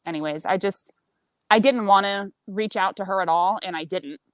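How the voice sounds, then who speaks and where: A woman in her forties telling a story as a podcast guest, blunt and animated, swearing freely. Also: mid-range voice, moderate pace, no echo. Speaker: senior marketing director. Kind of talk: casual storytelling chat.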